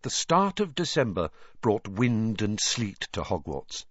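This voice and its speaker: Man reading an audiobook, lively pitch. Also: dry recording. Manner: measured storytelling. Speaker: audiobook reader. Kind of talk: scripted narration. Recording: dry, slightly dull studio recording.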